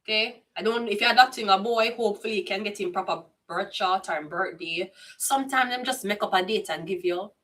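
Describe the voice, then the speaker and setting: Jamaican woman, tarot reader, casual and profane, bright tense tone, a bit off-mic. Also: mid-range voice, brisk, few pauses, far from the mic. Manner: blunt, profane, chatty patois.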